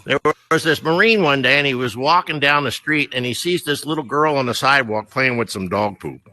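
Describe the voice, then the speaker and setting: A man's voice: medium pitch, brisk, poor audio. A man with an American accent doing stand-up comedy as a veteran, telling folksy military jokes in a virtual reality comedy club. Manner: folksy joke-telling, lively ups and downs.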